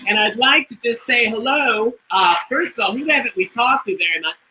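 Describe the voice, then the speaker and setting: A bingo host livestreams from a trailer, chatty and gushing, rambling along with lots of fillers. The voice is medium-pitched with a sharp tone and a slightly fast pace, recorded in an echoey room with faint noise.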